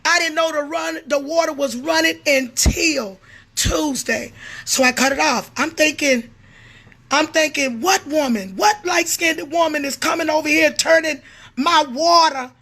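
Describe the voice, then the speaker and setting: A middle-aged prophetess ranting on a livestream, confrontational and profane, with a preacher's cadence. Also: female voice, sits high, unhurried, pushed and bright. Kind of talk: livestream rant.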